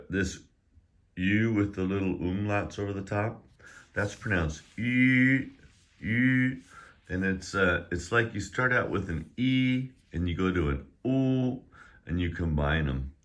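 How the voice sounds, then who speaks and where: A man's voice: low voice, lively intonation, measured pace, a bit bright. A man teaching a pronunciation lesson. He drills syllables one by one in a raised voice, then explains them in a plain conversational tone. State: slightly out of breath. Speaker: language teacher.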